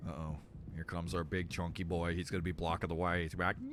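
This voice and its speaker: A young man giving joking, animated commentary while playing a horror game on a let's play. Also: low-pitched, fast, a little hiss or hum. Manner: animated, joking, laughs often.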